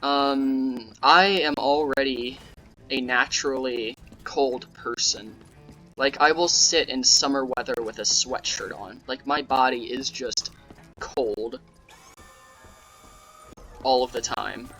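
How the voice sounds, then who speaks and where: A young man giving casual gameplay commentary as a YouTuber, monotone and sarcastic-sounding, rambling with lots of fillers. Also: medium pitch, slow, faint music behind. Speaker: gaming YouTuber.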